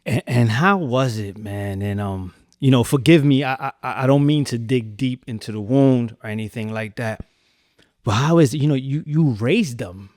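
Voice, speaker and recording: A male podcast host asks his questions gently and carefully, with a consoling manner. His voice sits at a middle pitch, and it is recorded close and dry. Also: normal speed, no echo. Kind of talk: interview questions.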